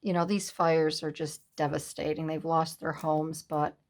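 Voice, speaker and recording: A woman's voice: low voice, level tone, a little slow, darkish tone. A woman hosting a collage craft video, chatting casually and telling stories while she works. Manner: chatty, storytelling, laughs easily.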